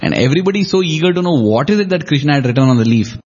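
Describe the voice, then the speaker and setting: A man's voice: fairly high pitch, expressive, racing, a little mellow, slightly rough, muffled recording. A man in a devotional discussion, retelling scenes reflectively and acting out quoted lines with shifting emphasis.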